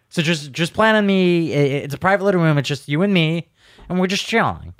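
A man's voice: fairly high pitch, big pitch swings, a little fast, no echo, studio quality. A man co-hosting a podcast, chatting casually in a blunt, joking way. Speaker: podcast co-host. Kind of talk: casual chat.

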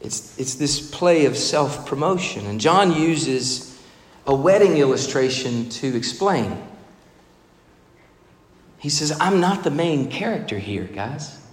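A man preaching a sermon, expressive and emphatic, now and then acting out the voices in the stories he tells. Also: fairly high pitch, slow pace. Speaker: pastor. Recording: echoey hall reverb.

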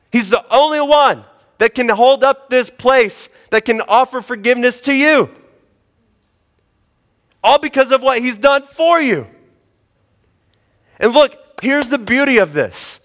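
A man's voice: a little high, a bit bright, in a large hall. A man preaching a sermon as pastor, earnest and emphatic.

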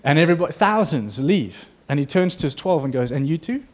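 A man's voice: a little high, big pitch swings, brisk. A man preaching a sermon to his church in an earnest, conversational way, acting out quotes as he goes. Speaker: pastor.

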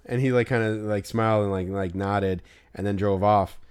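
A man co-hosting a casual podcast, telling a story full of "like" and loudly acting out what people said. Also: fairly low pitch, normal speed, clear, resonant tone. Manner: animated retelling with loud acted-out quotes and filler "like". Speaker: podcast co-host.

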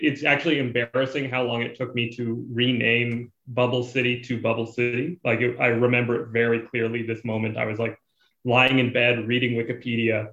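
A man's voice: mid-range voice, a bit bright. Guy from the canadian bush rambling w lots of likes, roomy dull-sounding mic. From rural Canada. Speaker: comic book writer, guest. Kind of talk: casual podcast interview.

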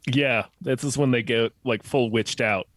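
A man's voice: medium pitch, fairly even intonation, measured pace, fairly bright tone, a little hiss or hum. A man co-hosting a podcast, chatting casually, laughing often and chiming in with short agreements. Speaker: podcast co-host. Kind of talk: casual chat.

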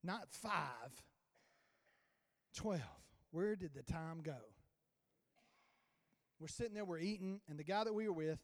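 A man preaching a sermon as a pastor, telling a story with sudden swings in loudness. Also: high-pitched, unhurried, long pauses. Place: church sanctuary. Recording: long church reverb.

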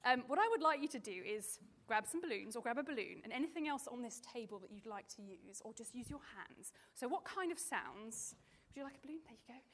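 A woman marine biologist giving a lively, playful presentation to a live audience with children, chatty and full of ums. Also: fairly high pitch, quick pace, few pauses. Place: stage in front of an audience.

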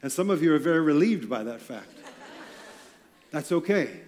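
A man's voice: a little high, expressive, normal speed, darkish tone. A man preaching an earnest sermon to church leaders, emphatic and with light self-deprecating humor.

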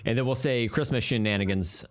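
A man's voice: medium pitch, brisk. A middle-aged man co-hosting a podcast, joking dryly in casual banter. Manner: dry joking. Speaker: podcast co-host.

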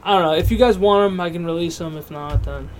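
High-voiced man ribbing his co-host. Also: quick pace, slight background noise. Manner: joking, crude, teasing. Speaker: podcast co-host. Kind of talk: casual podcast banter.

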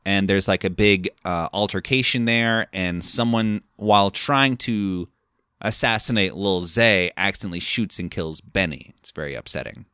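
A man with a deep, low voice talks through a film's plot as a podcast host. His retelling rambles, with plenty of fillers and quoted lines. The sound is dry and close, with no room around it. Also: moderate pace, sharp tone, clean tone, dry recording. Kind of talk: casual film recap.

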